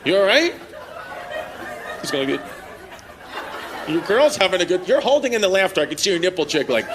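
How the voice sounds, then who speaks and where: A man with a high voice roasts audience members in brash, crude stand-up crowd work, laughing along as he goes. He speaks into a handheld mic from a club stage. A live crowd roars with laughter behind him over a steady wash of noise. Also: a little fast. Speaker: stand-up comedian.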